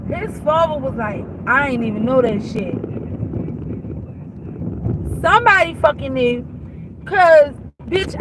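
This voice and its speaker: A woman telling a heated, profane storytime rant while in her car, repeating herself. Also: very high-pitched. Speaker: vlogger. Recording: car noise behind voice.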